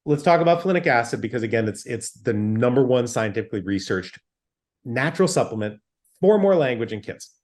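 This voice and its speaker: A man's voice: mid-range voice, expressive, brisk, darkish tone. A man speaking as a doctor in an interview. He explains in an emphatic, teacherly way and uses everyday comparisons. He keeps checking in with his listener as he goes. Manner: emphatic, explains with plain examples and "okay" check-ins. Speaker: physician guest.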